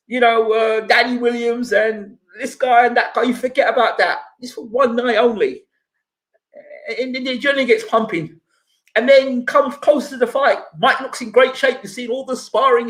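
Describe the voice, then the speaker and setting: A man with a high, lively voice argues about boxing on a live stream and fires off rhetorical questions. He sounds animated and combative. His voice echoes around the room he records in. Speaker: boxing channel host. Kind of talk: live stream commentary and viewer replies.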